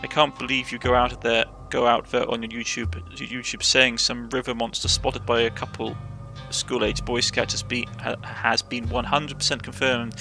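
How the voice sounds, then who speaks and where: A man with a Cornish accent voicing a gruff, stubborn old male farmer who speaks in a scolding way. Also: mid-range voice, pushed and bright.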